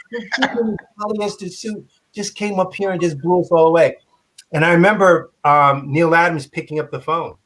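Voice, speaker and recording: A man telling an animated, profane story on a convention panel, acting out quotes and laughing. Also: fairly high pitch. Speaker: comic artist panelist.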